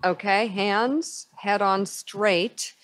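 A middle-aged woman hosting a podcast interview, speaking in a measured, encouraging way. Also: medium pitch, steady tone, a bit bright, no echo. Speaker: podcast host. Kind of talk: conversational interview.

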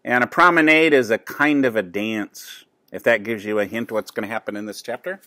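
An older man, a grandfather, reading a children's book aloud at home and pausing to explain words. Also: lowish voice, no room sound, studio quality. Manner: gentle, explains words as he reads. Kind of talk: children's storybook read-aloud.

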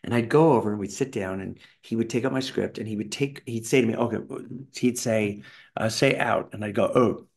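A middle-aged Canadian man telling animated stories in an interview, acting out the people in them. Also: on the low side, fairly quick. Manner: animated, does voices of people in his stories. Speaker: voice actor guest. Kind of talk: anecdotal interview storytelling.

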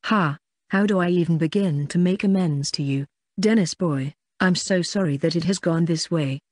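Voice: mid-range voice, normal speed, a little mellow, dry recording, close to an everyday voice. A reader voicing a kindly, earnest father who is apologetic.

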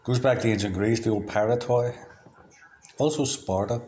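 A man from Ireland delivering a rambling, free-associating monologue in a flat, matter-of-fact way, drifting from one word to the next. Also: mid-range voice, moderate pace, slight background noise. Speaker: diarist.

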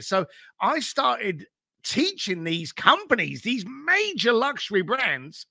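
A man being interviewed as an entrepreneur, giving blunt, energetic business advice and swearing casually. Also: high voice, gravelly, no echo, clean studio sound. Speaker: entrepreneur guest.

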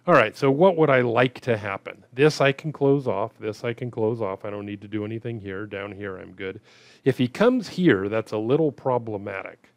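A man's voice: fairly low pitch, creaky, no room sound. A man casually commenting while playing a puzzle game, thinking aloud and muttering about his own mistakes.

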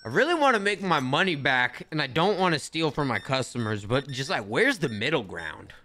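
A young man running loose, slangy commentary over his gameplay. His voice is bright and forward, sitting a little high for a man, and it swings freely between low mutters and sudden high yelps. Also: fairly quick, a little hiss or hum. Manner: animated, slangy, talks to himself and the game. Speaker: gaming streamer.

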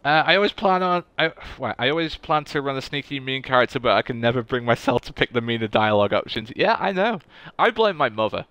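Young guy streaming a game, bright clear voice, goofy and chatty, pitch all over. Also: expressive, fast talker, hardly any pauses, no room sound, muffled recording. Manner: chatty, goofy, talks to chat. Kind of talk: casual gaming livestream chat.

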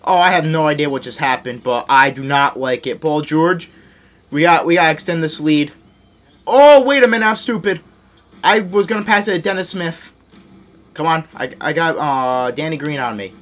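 Excitable young man with a high voice. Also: normal speed. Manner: excitable, yells and laughs at big plays; self-mocking, scolds his teammates. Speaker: gaming YouTuber. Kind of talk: live gameplay commentary.

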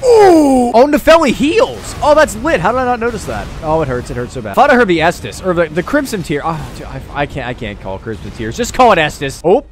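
A young man commentating his own boss fight in a video game, excitable and quick to yell and laugh. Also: fairly high pitch, faint music behind. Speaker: gaming YouTuber. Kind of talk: let's play commentary.

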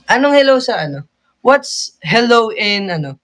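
A man's voice: sits high, big pitch swings, normal speed, a bit bright. A young man with a Filipino accent, chatting playfully from home on a live stream and giggling often. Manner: playful, giggly, mixes languages. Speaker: livestream host. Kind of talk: casual live chat.

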